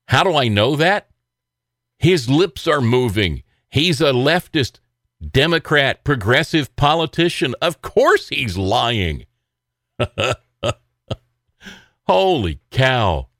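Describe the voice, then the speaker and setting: A man hosts a political commentary show in a sarcastic, mocking tone, with scoffing laughs between points. His pitch swings widely as he talks. The recording is dry and close, with no room sound. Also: big pitch swings, takes it slowly, long pauses, a bit bright, dry recording. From American South.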